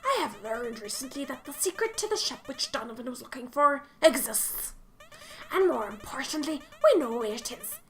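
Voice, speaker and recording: A woman's voice: high-pitched, sing-song, normal speed, a bit bright, voice pushed down, full character voice. A woman voicing a scheming middle-aged male cruise host with a put-on Scottish accent, grand and theatrical. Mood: smooth.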